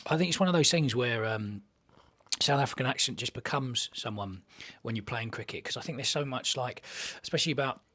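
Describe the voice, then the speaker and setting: A man's voice: mid-range voice, brisk, sharp tone, husky. A man co-hosting a comic cricket chat, joking in mock-patriotic banter and slipping into voices. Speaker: cricket podcast co-host.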